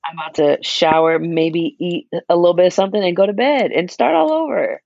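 Young male podcast co-host, gravelly, laid-back, dry dull lo-fi recording. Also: high voice, fairly quick, darkish tone, no room sound. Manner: laid-back, short agreeing replies. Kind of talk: casual chat.

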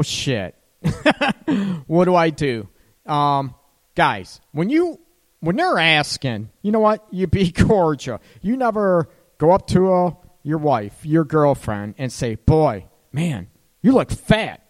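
Guy running a relationship call-in radio show, casual and chatty, laughs a lot, kind of echoey long reverb. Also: a little high. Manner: chatty, loose, laughs mid-sentence. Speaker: radio show host and counselor.

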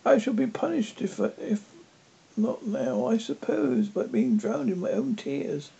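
A reader giving a polite, curious young girl a lifted voice in a halting storybook reading. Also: medium pitch, wildly swooping pitch, gravelly, warm tone, husky, pitched above the performer's own voice, exaggerated voice. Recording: dull lo-fi with faint noise.

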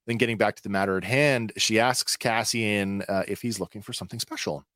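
A man's voice: lowish voice, brisk, fairly bright tone, no echo, studio quality. A man hosting a podcast, recapping an episode in a chatty way with many filler words. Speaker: podcast host.

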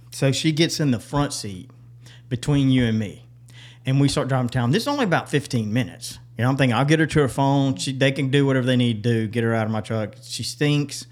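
A man, co-hosting a podcast, telling stories in a lively way, laughing often and acting out what people said. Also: medium pitch, fairly quick. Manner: animated, laughs often, acts out quotes. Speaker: podcast co-host. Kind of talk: casual storytelling chat.

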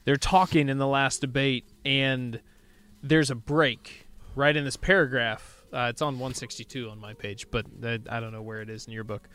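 A man's voice: mid-range voice, fairly even intonation, moderate pace, a bit bright, clear, resonant tone. A man co-hosting a casual book club chat, thoughtful and musing. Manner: thoughtful, musing, many restarts.

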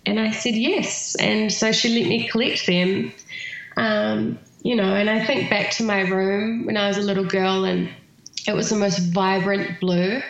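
A woman with a New Zealand accent, a podcast guest chatting at length and filling her pauses with ums. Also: medium pitch, fairly even intonation, vocal fry, heavy reverb, dull audio. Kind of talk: casual podcast interview.

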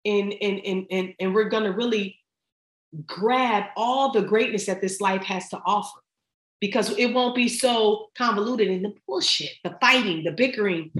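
A woman's voice: medium pitch, moderate pace, a bit bright. A middle-aged woman talking as a podcast guest in casual chat, emphatic and slangy as she gives advice. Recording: roomy echo.

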